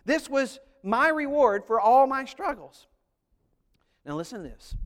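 A man preaching a sermon as pastor, animated, acting out voices and singing short snippets. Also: very high voice, unhurried, in a large hall.

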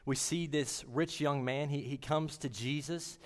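A man giving a sermon in an earnest, halting way, often restarting his words. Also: fairly high pitch, fairly even intonation, in a large hall. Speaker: preacher.

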